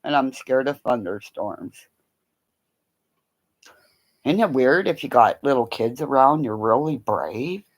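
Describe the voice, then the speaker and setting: Older woman, livestream chatter, unhurried and animated, rambling stories. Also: extremely low pitch, rough recording. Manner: rambling storytelling, swings between loud exclamations and soft whispers to her dog. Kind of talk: casual livestream chat.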